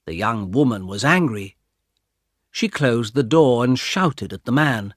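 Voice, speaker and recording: Male storyteller for learners: deliberate, slow, expressive pitch, dry close sound. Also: dry recording. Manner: clear, deliberate. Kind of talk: slow scripted story narration for English learners.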